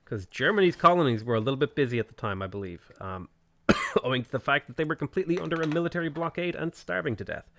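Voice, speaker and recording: A man's voice: fairly high pitch, lively intonation, fast talker, pushed and bright. A man streaming a strategy game, chatting casually and answering viewers' questions. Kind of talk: casual gameplay commentary.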